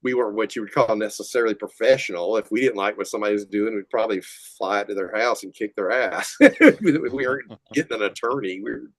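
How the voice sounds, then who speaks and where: A man's voice: fairly low pitch, fast talker, no room sound. An older man, a metal musician guest, telling rambling stories in a casual interview and laughing often. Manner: rambling, laughing, animated retelling.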